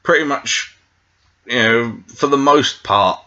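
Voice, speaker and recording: A man's voice: mid-range voice, slow, sharp tone, muffled recording. A British man reviewing a TV episode in a meandering, tangent-filled casual chat, full of fillers. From Britain. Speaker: TV show reviewer.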